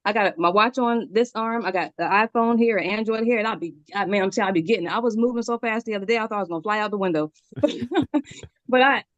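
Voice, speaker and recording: Woman, forties, very fast talker, excited, slightly breathless, video call, dry dull sound. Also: mid-range voice, dry recording. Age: 40s. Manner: very fast, excited, laughs often. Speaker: community member sharing a testimonial. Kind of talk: casual call testimony. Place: her room at home.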